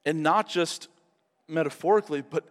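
A male pastor preaching a sermon, animated, acting out quotes in different voices. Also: a little high, normal speed, big-room sound.

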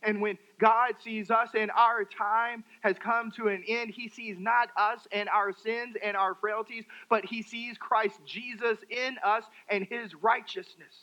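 A man preaching a sermon, dramatic, swinging from loud outbursts to hushed, quiet phrases. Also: high voice, fairly even intonation, unhurried, few pauses, dull audio.

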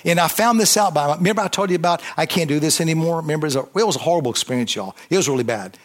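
A man preaching a sermon, fervent, with call-and-response and swings between loud emphasis and quiet intensity. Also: a little high, lively intonation, racing.

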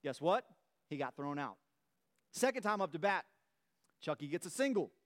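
A middle-aged man, preaching a sermon in a relaxed, conversational way and telling a playful story from his youth. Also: on the high side, normal speed. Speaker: pastor.

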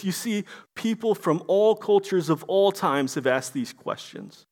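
A man's voice: sits high, expressive, measured pace, hardly any pauses, a little mellow. A man preaching an impassioned sermon, rhetorical and repetitive. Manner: impassioned, rhetorical, repeats himself.

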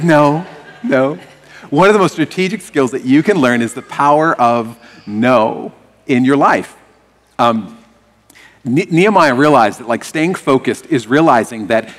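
Lively male pastor in a reverberant hall. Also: mid-range voice, a little slow. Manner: animated, leads congregation in call-and-response. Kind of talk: sermon.

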